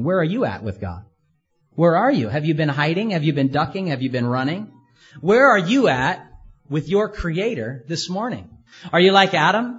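A man's voice: high-pitched, breathy edge, dull audio. A man preaching a sermon in an earnest way, asking his listeners many rhetorical questions.

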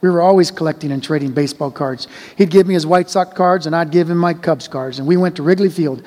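A man reading a child's story aloud in a slow, gentle, measured way. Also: fairly high pitch. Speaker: reader. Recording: long hall reverb.

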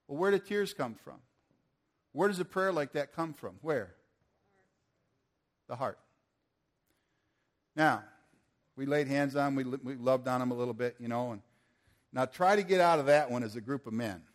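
A man preaching to a group of men, telling a story in a lively way and acting out the people in it. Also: mid-range voice, normal speed, pauses often. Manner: animated, acts out the people in his story. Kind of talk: storytelling sermon.

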